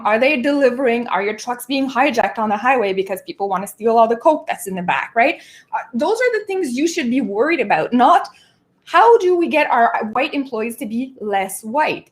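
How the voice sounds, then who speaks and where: A woman with a fairly high voice hosts a casual livestream from her home. She talks in an animated, exasperated rush, laughing now and then and pausing to catch her breath. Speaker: show host.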